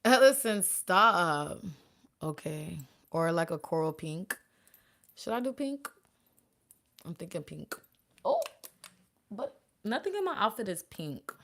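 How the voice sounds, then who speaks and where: Young woman, low voice, chatty beauty vlogger, talking to viewers. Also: unhurried, pauses often. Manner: chatty, animated, talks to viewers and chat. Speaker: beauty vlogger and makeup artist. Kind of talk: casual chat while doing makeup.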